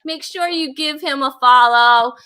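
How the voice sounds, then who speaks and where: Woman, comedy show host, high voice, bright tone, giggly, casual chat. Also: unhurried. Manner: giggly and bubbly, laughs often.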